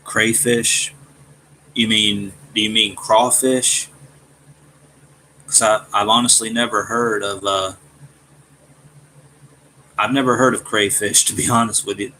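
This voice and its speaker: A man from Alabama with a Southern accent and a gruff voice, casually chatting with his live-stream viewers and often stumbling over his words. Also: fairly low pitch, little pitch movement, sharp tone, a little hiss or hum, low-quality recording. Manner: halting, repeats words and restarts. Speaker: streamer reading chat.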